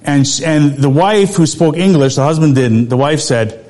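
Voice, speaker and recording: Middle-aged male preacher, slightly high voice, relaxed storytelling with frequent laughs. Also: moderate pace, hardly any pauses. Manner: laughs often, conversational. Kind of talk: sermon with personal story.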